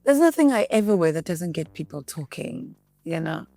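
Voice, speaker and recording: A woman's voice: lowish voice, moderate pace, gravelly. A South African woman giving a candid interview, switching between English and Zulu and acting out what others said. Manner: animated retelling, acts out quotes. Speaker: guest.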